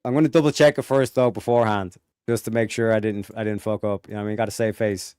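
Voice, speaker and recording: A man hosting a casual livestream chat, reading viewer messages aloud, swearing and mocking loudly. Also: on the low side, fairly even intonation, quick pace, clear, resonant tone, dry recording. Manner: profane, loud, mocking. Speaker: livestream host.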